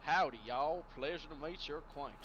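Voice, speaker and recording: A man's voice: a little high, fairly quick, highs cut off, crowd noise, natural voice. Man doing a drawling cowboy bat. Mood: folksy. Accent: Southern US, put on. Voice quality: folksy, drawling.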